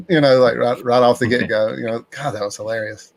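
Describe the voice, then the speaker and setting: A man co-hosting a casual podcast chat, talking excitedly and laughing often. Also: medium pitch, brisk, vocal fry, no room sound. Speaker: podcast co-host.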